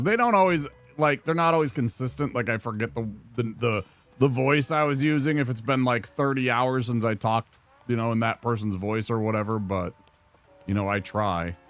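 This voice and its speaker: A young man playing a video game and chatting casually, joking and rambling with restarts. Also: medium pitch. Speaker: gaming streamer. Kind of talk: casual let's-play chat.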